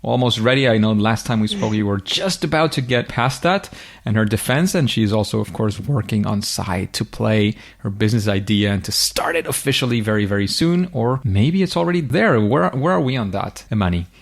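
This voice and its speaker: A man's voice: lowish voice, animated, brisk, vocal fry. A man hosting an interview podcast, chatty and self-deprecating, stumbling through names with good humor. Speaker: podcast host.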